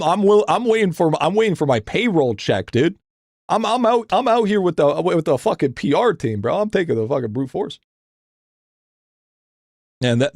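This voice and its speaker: A man's voice: no echo, studio quality. A young man live-streaming a game, ranting casually with lots of swearing, stammered restarts and repeated phrases, his voice climbing when he vents. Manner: profane, rambling, repeats himself with stammered restarts; animated, voice jumps higher when venting. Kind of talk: casual live-stream rant, reading chat.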